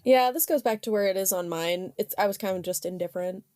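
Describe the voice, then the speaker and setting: A woman co-hosting a podcast, talking in a relaxed, shrugging way. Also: medium pitch, quick pace, no echo. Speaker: podcast co-host. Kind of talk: casual chat.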